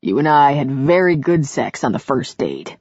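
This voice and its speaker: A woman voicing a gentle, reassuring man in a romance audiobook, speaking low, soothing and teasing. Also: very animated, moderate pace, dry recording, full character voice. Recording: dull lo-fi audiobook recording.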